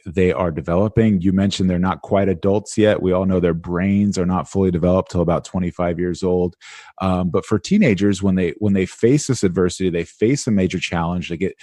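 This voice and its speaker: A man speaking as an interview guest, animated and conversational, peppering his talk with "like". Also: low-pitched, no echo, studio quality.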